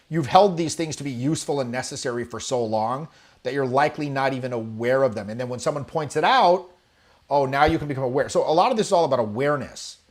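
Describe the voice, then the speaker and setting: A man teaching charisma to camera, lively and demonstrative, acting out examples and swearing casually. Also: mid-range voice. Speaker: charisma coach. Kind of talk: animated coaching talk to camera. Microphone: webcam or camera, video talk.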